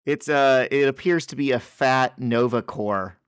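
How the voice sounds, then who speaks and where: A man co-hosting a podcast, chatting casually and dropping deadpan wisecracks. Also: mid-range voice, a little slow, smooth, dry recording, clean studio sound. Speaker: podcast co-host. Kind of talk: casual chat.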